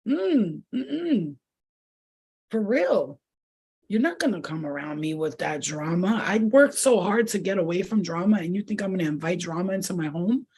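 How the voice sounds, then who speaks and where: A woman's voice: lowish voice, animated, fairly quick, hardly any pauses, darkish tone, husky. A woman giving an intuitive spiritual reading to her viewers, rambling and repeating herself, then turning blunt, profane and fiery. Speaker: spiritual reader.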